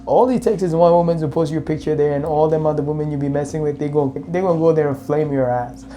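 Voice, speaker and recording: A man comments on clips in loose slang, chuckling and talking straight to the viewer. His voice is dark and mellow, with faint music running underneath. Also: fairly high pitch, fast talker. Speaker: reaction commentator.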